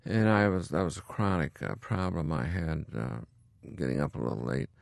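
A man's voice: a bass voice, lively intonation, moderate pace, vocal fry, dry recording. A retired country doctor in his eighties, telling wry stories from his school days to his grandson. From upstate New York. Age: 80s. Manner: wry, chuckling storyteller. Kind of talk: storytelling interview.

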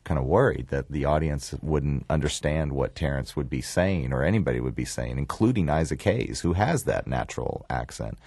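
A man's voice: rumbling low, moderate pace, few pauses, husky, no room sound. A man with a Southern US accent, a film writer-director telling stories in an interview, restarting phrases and acting out quoted lines. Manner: relaxed, repeats words and restarts, acts out quoted lines. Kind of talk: storytelling in an interview.

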